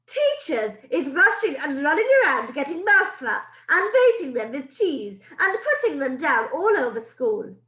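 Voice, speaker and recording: A woman voicing a cruel old female witch leader in a put-on foreign accent, shouting and chanting in a sing-song way. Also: high voice, sing-song, moderate pace, few pauses, reverberant, pitched above the performer's own voice, heavily acted, low-quality recording. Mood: gloating.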